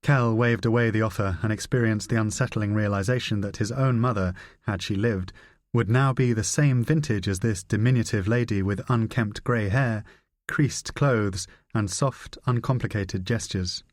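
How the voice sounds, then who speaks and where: A man reading a spy novel aloud in a measured, dry narration. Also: on the low side, no room sound. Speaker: audiobook narrator. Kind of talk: scripted narration.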